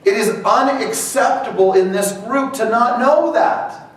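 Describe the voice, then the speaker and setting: A man giving an energetic motivational talk to a real estate team, animated and acting out quoted voices. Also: very high voice, unhurried. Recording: echoey hall, voice from far off, faint noise.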